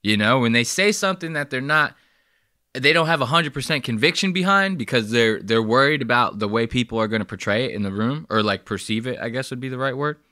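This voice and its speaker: This podcast host speaks fairly quickly and animatedly in a mid-range voice with a bright, forceful tone. He delivers casual, profanity-laced reaction commentary on a video, recorded dry in studio quality.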